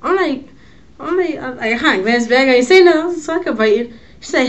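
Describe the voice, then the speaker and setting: A young woman telling a story in a casual vlog, slangy and animated, cursing freely. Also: high voice, fairly quick.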